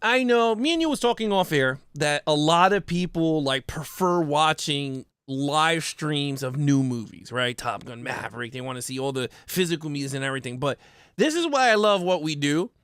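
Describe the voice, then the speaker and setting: A man co-hosts a casual movie discussion, laughing and acting out scenes he loves. His voice runs high and swoops widely up and down. The recording is dry and close-miked. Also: normal speed, clean tone, no room sound. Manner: animated, laughing, acts out scenes. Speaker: podcast co-host. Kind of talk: casual movie review chat.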